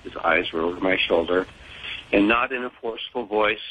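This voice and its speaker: An older man speaking as an interview guest, in a measured, deliberate way with pauses and fillers. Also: low voice, breathy edge, lo-fi sound. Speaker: guest, father of a fallen serviceman.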